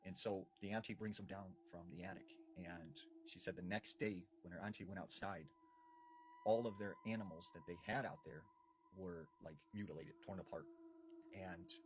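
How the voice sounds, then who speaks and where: Give me a low-pitched man narrating a campfire horror legend with dramatic pauses, faint room hum behind. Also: steady tone. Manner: dramatic, draws out suspense, frequent fillers. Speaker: storyteller. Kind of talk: spooky storytime narration.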